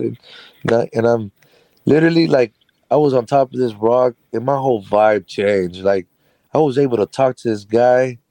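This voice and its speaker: A man's voice: medium pitch, fairly quick, warm tone, dry recording. A man who runs a carpentry business, telling a personal story as an interview guest in a chatty, rambling way with frequent laughs.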